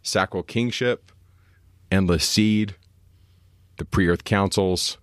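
Low-voiced man teaching scripture. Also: no room sound, studio quality. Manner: slows down to read verses aloud, explanatory. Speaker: podcast co-host, scripture teacher. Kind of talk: casual scripture discussion.

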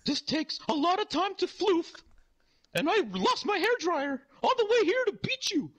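A man voicing a manic, furious male clown mascot in a high, screeching voice while retelling a dream. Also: big pitch swings, moderate pace, fairly bright tone, full character voice. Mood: indignant. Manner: screeching, frantic, high-pitched outbursts.

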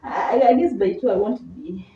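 A young Kenyan woman hosts a playful Q&A chat with a friend, speaking briskly in a medium-pitched, creaky, mellow voice. She's giggly and teasing. The lo-fi recording has an echoey room, a distant mic and faint hiss.

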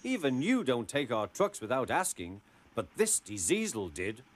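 A man voicing a squeaky, cheeky little boy tank engine, one of twins, in a storybook reading. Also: huge pitch swings. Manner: squeaky, quick to blame.

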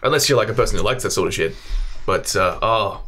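A man's voice: fairly low pitch, quick pace, sharp tone, faint music behind. A young Australian man co-hosting a casual podcast, joking and swearing, self-mocking and laughing often. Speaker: podcast co-host.

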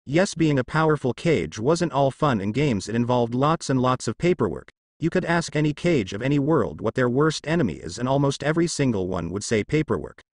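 A man narrating fan fiction in an expressive, lightly humorous storybook reading. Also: medium pitch, fairly quick, few pauses, dry recording.

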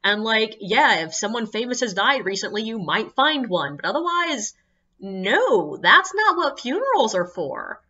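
Bright-voiced woman telling tour stories. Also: unhurried, muffled recording. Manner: animated, acts out guests in high squeaky voices; exasperated, swears freely. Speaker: ghost tour guide. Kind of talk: casual storytelling monologue.

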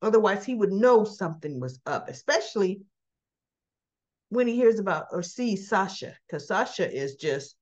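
A woman's voice: medium pitch, very animated, normal speed, highs cut off. A woman recapping a soap opera episode in a casual, chatty way, acting out the characters' lines and laughing as she goes. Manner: laughs often while talking.

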